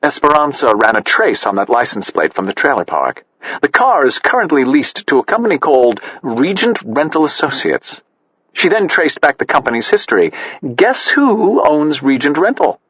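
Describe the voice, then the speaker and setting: A man voicing a cool, self-assured wealthy man with a crisp manner, in an audiobook. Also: on the high side, big pitch swings, normal speed, fairly bright tone, dry recording, voice pushed up, heavily acted. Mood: smug. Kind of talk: audiobook character voice. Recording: dull, slightly muffled.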